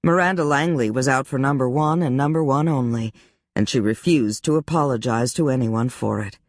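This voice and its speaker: An audiobook narrator reading a romance novel in an even, measured way. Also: mid-range voice, dry recording, studio quality.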